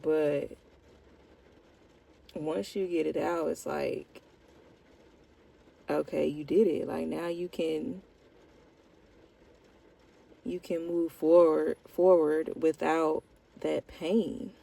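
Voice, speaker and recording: Slow, gravelly-voiced young woman vlogger. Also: sits low, steady tone, mellow. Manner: slow, reflective and heartfelt, with casual slang. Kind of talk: candid personal check-in.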